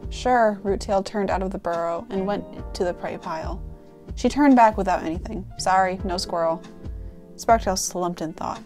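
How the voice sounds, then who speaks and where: A woman's voice: medium pitch, normal speed, darkish tone, soft background music. A young woman casually reading aloud a story she wrote, stumbling over lines and adding amused side comments. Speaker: artist reading her old story aloud.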